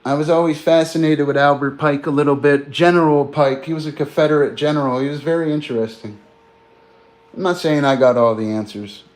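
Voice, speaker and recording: A man's voice: a little high, steady tone, fairly quick. A man in loose, rambling casual chat, talking straight to his viewers and tossing in "man" and "bro.". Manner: loose and meandering, peppers talk with "man" and "bro"; chats directly to viewers, greeting them. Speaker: streamer.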